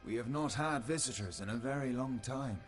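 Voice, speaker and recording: A man's voice: medium pitch, a little fast, soft background music, lightly acted. An actor voicing an ancient male fae guardian in a game, speaking in a formal, stately way. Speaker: quest giver. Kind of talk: game dialogue.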